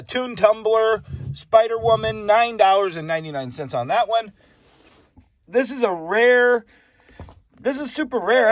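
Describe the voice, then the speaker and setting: A man's voice: high voice, dry recording. A man hosting a casual rundown of a comic shop's recent sales, chatting through items and prices and tripping over some names. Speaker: comic shop host reviewing sales. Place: comic and collectibles shop.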